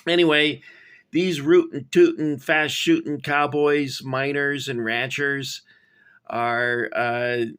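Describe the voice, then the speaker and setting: A middle-aged man casually showing his toy figures and rambling off on tangents with many pauses. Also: medium pitch, fairly bright tone. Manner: rambling, digressive, many fillers. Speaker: toy collector reviewing figures. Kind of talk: casual show-and-tell.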